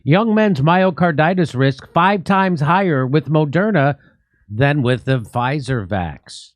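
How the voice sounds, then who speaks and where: Animated, sarcastic male commentary host. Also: fairly high pitch, takes it slowly, dry recording. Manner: mocking, animated, sarcastic asides. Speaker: show host.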